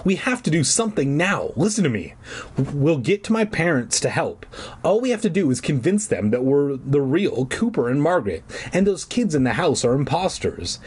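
A man doing a panicky boy-turned-dog, high and hurried. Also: sing-song, a little mellow, slightly rough, heavily acted. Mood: frustrated. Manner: urgent, exasperated. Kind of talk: comedic storybook read-aloud.

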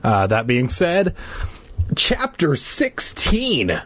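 Husky, hoarse man reading aloud. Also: fairly low pitch, lively intonation, unhurried. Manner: casual, ad-libbing crude jokes. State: hoarse from illness. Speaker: audiobook reader. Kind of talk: casual read-aloud of a children's horror book.

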